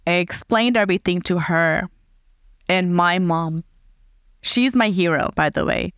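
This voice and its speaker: A woman's voice: lowish voice, measured pace, smooth, no room sound, studio quality. A woman hosting a podcast, telling a personal story in an earnest, heartfelt and reflective way. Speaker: podcast host.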